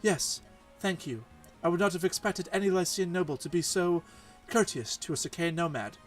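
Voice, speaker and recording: A man voicing a proud, direct young woman warrior in a quiet, matter-of-fact way, reading game dialogue. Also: sits high, normal speed, faint music behind, lightly acted. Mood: firm.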